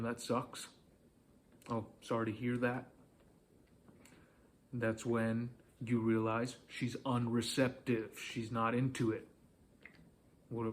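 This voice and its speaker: A man giving dating advice in a casual, direct monologue, coaching the listener and often checking in with "okay?". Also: mid-range voice.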